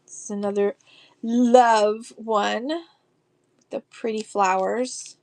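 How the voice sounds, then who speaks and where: A woman's voice: mid-range voice, fairly even intonation, slow, darkish tone. A woman selling vintage postcards on a live stream, gushing over each card and reading verses aloud in a chatty way. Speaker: live online auction seller.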